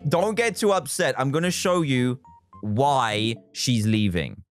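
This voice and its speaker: A man's voice: mid-range voice, expressive, a little slow, soft background music. A man hosting a live game stream in a playful, chatty manner, thanking viewers as he plays. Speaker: livestream host.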